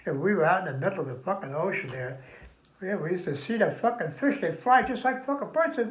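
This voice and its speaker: An older veteran spins long, salty stories for his family, full of swearing. His voice sits fairly high for a man. The lo-fi recording sounds dull and roomy. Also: animated, quick pace. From New Jersey. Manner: rambling, profane, folksy. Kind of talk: casual reminiscing.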